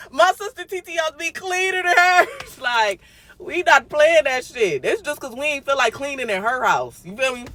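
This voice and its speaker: Young woman, livestream host, casual chat, blunt, profane, bright forceful voice. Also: high voice, lively intonation, a little fast, no room sound. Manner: blunt and profane, with swings between loud and quiet.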